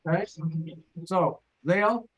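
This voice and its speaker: A man's voice: high voice, slow pace, a bit bright. Upbeat man coaching an online class. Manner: encouraging, repeats words often. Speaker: English teacher. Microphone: video call.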